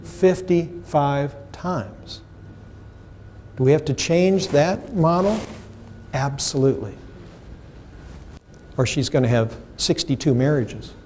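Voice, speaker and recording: A man's voice: fairly high pitch, a little slow, pauses often, darkish tone, slight background noise. Emphatic man lecturing a seminar. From United States. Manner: emphatic, asks the audience questions, acts out quotes. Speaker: seminar presenter. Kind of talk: professional development lecture. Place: seminar room with live audience.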